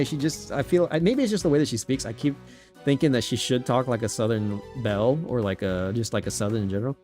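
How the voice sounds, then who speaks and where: A man's voice: medium pitch, quick pace, a little mellow, soft background music. A man streaming a game, making chatty, self-correcting asides. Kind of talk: casual game commentary.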